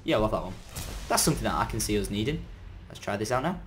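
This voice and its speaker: Excitable man narrating his gameplay. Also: lowish voice, quick pace, a little hiss or hum. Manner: excitable, with sudden loud outbursts and yelps; chatty running self-talk while playing. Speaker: gaming video creator. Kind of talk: let's-play gameplay commentary.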